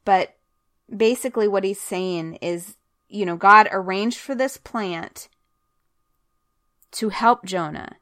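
A woman's voice: medium pitch, slow, pauses often, a bit bright, no echo, clean studio sound. A woman leading a conversational Bible study, earnest and chatty, stopping now and then to read scripture aloud. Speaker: Bible teacher.

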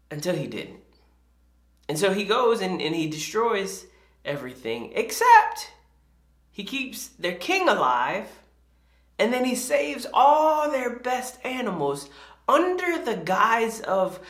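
Animated, lively preacher in an echoey room. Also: mid-range voice, a little slow. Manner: conversational, animated storytelling with asides. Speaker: pastor. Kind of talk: sermon.

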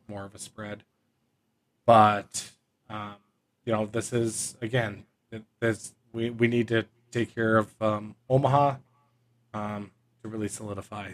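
A man's voice: medium pitch, fairly bright tone. A man co-hosting a casual sports chat, rambling with lots of fillers. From Upper Midwest. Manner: filler-heavy, meandering delivery. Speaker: podcast co-host.

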